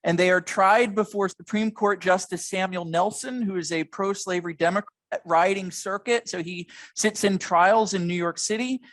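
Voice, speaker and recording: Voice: mid-range voice, steady tone, normal speed, fairly bright tone, no room sound, poor audio. Dramatic storytelling history lecturer. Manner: dramatic storytelling, stressing key moments. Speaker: museum lecturer.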